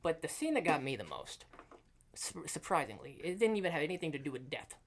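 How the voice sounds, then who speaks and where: A woman co-hosting a podcast in casual chat, retelling scenes with animated quoted voices. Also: low-pitched, brisk, slight background noise. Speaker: podcast co-host.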